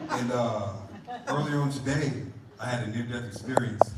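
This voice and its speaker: Deadpan man working a club crowd. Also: mid-range voice, normal speed. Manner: deadpan, self-deprecating, teasing the crowd. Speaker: stand-up comedian. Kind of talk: stand-up comedy set. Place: comedy club stage. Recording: echoey club room from a distance, loud noise.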